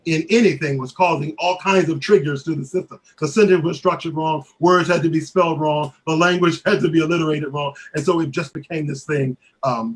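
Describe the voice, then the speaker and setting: A man leading a creative writing workshop, telling stories in a lively way with many fillers and restarts. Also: fairly high pitch. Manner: animated storyteller, many fillers and restarts, acts out quoted voices. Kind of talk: casual workshop talk.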